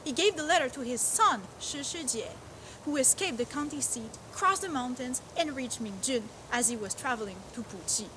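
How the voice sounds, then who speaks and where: Woman anchor, high voice, scripted, faint background hiss. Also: animated, normal speed. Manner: bright, scripted anchor delivery. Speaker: news show host. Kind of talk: mock news presenting.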